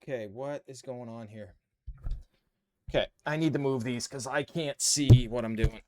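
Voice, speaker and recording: This live-streamer talks at a moderate pace in a medium-pitched, darkish voice. He works on a model kit, chatting casually with his audience and murmuring to himself along the way.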